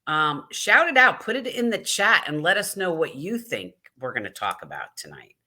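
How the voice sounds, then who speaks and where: An enthusiastic woman co-hosting a live business stream. Her voice is bright and lively, swinging widely in pitch as she hypes up the viewers. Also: moderate pace. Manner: bubbly, enthusiastic, cheers viewers on. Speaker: co-host of a live business networking show. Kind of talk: casual live-stream chat.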